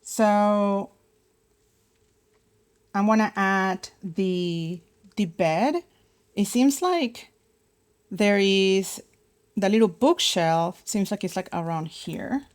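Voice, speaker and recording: A woman's voice: medium pitch, animated, very slow, long pauses, clear, resonant tone. A young woman teaching an art lesson in a casual, chatty way, thinking aloud as she draws, with many fillers and restarts. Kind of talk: casual live drawing lesson.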